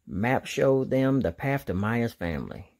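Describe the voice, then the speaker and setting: A man's voice: medium pitch, a little slow. A man reading a children's picture book aloud as a storytime reader. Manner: expressive storyteller.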